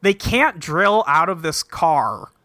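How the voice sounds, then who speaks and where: A man's voice: on the high side, sing-song, slow, pushed and bright, no room sound, studio quality. A young man hosting a casual podcast, recapping a cartoon episode with a rambling, profane, laughing manner. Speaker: podcast host.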